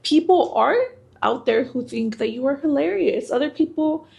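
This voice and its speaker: A woman's voice: high voice, lively intonation, normal speed, creaky, darkish tone. A young woman with a lisp, hosting a casual self-improvement vlog, candid and chatty. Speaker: self-improvement channel host.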